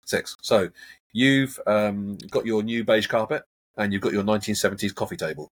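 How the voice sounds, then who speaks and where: Husky man coaching in interview. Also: lowish voice, moderate pace. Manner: animated, coaching, acts out examples. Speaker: hypnotherapist guest. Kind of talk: casual interview chat.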